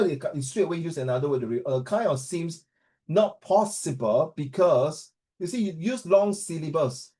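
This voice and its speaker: A male teacher coaches a class with animated energy. His voice sits a little high but sounds mellow and warm. He mixes with Mandarin and acts out sample interview answers. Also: poor audio.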